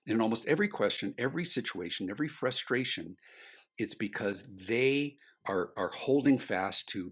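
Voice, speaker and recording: Man, podcast guest, husky, lowish voice, emphatic storytelling. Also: a bit bright. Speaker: customer experience speaker, guest.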